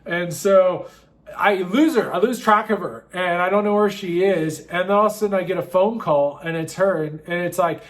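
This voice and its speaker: A man in his thirties with a notably high voice spins a rambling, self-mocking tale from his own past. He keeps it wry and loose, full of asides and fillers. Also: moderate pace. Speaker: storyteller. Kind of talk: comic personal storytime.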